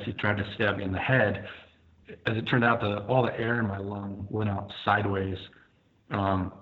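A firefighter guest telling his story vividly, step by step, with many fillers. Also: fairly low pitch. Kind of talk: first-person storytelling. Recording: tinny phone-like line.

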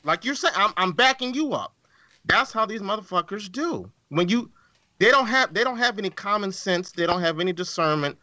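A man's voice: high voice, expressive, moderate pace, sharp tone, dry recording. A man co-hosting a podcast in casual chat, talking emphatically and repeating words for effect. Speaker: podcast co-host.

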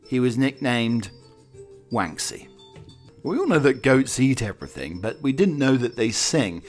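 A man hosting a chatty talk show, reading odd news stories with rambling asides and chuckles. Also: medium pitch. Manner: rambling asides, chuckling, filler-heavy tangents. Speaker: radio show host. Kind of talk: chatty news-story banter.

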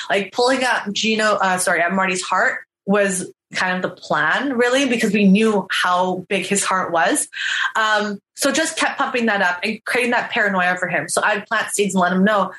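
A woman telling her story in a casual interview, animated and acting out what people said. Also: mid-range voice, fairly quick. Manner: animated storyteller, acts out quotes. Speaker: reality show contestant. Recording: echoey room.

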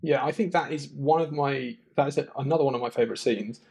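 A man's voice: mid-range voice, quick pace, gravelly, darkish tone. A man co-hosting a podcast, chatting enthusiastically and rambling with many restarts. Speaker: podcast co-host. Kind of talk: casual film chat.

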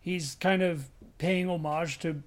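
A man co-hosting a podcast in casual chat. His voice sits somewhat high for a man, and he talks hesitantly with plenty of fillers. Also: fairly even intonation, slow. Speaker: podcast co-host.

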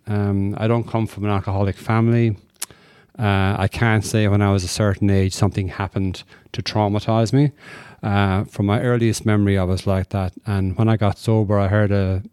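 Low-voiced Irish man. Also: darkish tone, clean tone, no room sound, clean studio sound. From Ireland. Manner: plain-spoken, reflective, with frequent ums and uhs. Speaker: speaker at a recovery meeting. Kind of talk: personal testimony talk. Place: meeting hall.

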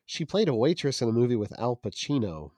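A man's voice: mid-range voice, big pitch swings, brisk, warm tone, dry recording, clean studio sound. Playful, theatrical podcast man. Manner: playful, theatrical, slips into silly voices. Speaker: podcast co-host. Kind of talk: casual chat.

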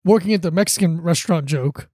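A man's voice: on the high side, quick pace, warm tone, husky, dry recording. A man co-hosting a casual comedy podcast, joking, laughing often and acting out bits. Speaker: podcast co-host.

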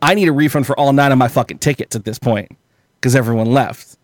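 On a podcast, a guest tells a long, profane, rambling story, laughing often as he goes. His voice is medium-pitched and quick, with no room sound.

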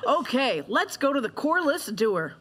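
A woman's voice: high-pitched, big pitch swings, moderate pace, a crowd in the background. A woman voicing a cheerful talking helper gadget in a comedy bit, announcing items in a jokey sing-song way. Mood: bubbly.

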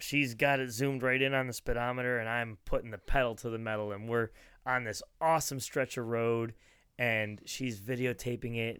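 A man's voice: medium pitch, sharp tone, clean tone, no echo. Rambling middle-aged man telling a story. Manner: rambling anecdotal storytelling with frequent restarts and laughs. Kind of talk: casual chat.

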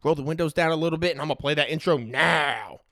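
A man's voice: on the high side, quick pace, music in the background. A young man hosting a podcast on his own, chatting casually in a rambling, joking way and laughing often. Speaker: podcast host. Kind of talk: casual solo podcast chat.

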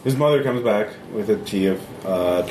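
Low-voiced man running a tabletop game. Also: a little mellow, far from the mic. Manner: halting, full of ums and uhs. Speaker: game master. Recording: echoey room with background noise.

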